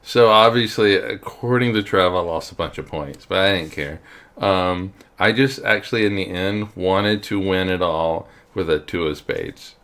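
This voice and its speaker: A middle-aged man co-hosting a casual podcast, rambling and halting with fillers. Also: low voice, fairly bright tone. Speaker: podcast co-host. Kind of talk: casual chat.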